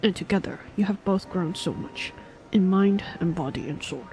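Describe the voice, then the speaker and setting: A woman's voice: fairly low pitch, normal speed, warm tone, a little hiss or hum, lightly acted, rough recording. Woman voicing a grave old knight mentor. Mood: solemn. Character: old male knight mentor, solemn and regretful.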